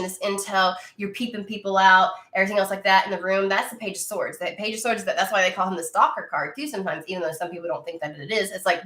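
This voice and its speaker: Woman, tarot reader, casual and profane, mid-pitched, roomy echo. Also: a bit bright. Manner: blunt and profane, talks to viewer directly. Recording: echoey room.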